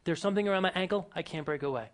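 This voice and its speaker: A man voicing a young elephant chained to a stake, resigned and repeating itself, with a slightly high voice and quick delivery. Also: natural voice.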